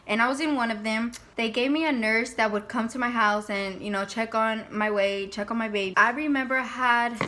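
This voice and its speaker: A woman's voice: a little high, steady tone, fairly quick, hardly any pauses, bright, forceful tone. Young woman telling her story to camera. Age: young adult. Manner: chatty, retells scenes with quoted voices. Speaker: vlog host.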